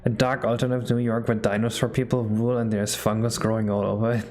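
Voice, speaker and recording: A man's voice: fairly low pitch, level tone, fast, few pauses, a little mellow. Man joking with live chat. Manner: joking banter, reading chat aloud between working remarks. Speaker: game developer streaming live. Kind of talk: casual live-stream chat while working.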